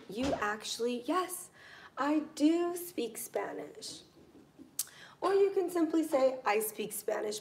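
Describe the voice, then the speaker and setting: A woman teaching a live online English grammar class, patient and encouraging, pausing to think while she writes examples. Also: on the high side, slight background noise.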